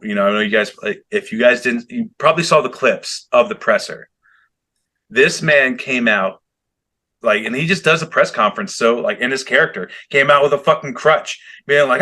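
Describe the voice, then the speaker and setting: A man's voice: a little high, normal speed. A man co-hosting a wrestling podcast, talking animatedly and swearing a lot as he recaps a match. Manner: animated, heavy swearing, acts out quotes. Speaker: podcast co-host. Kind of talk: casual wrestling chat.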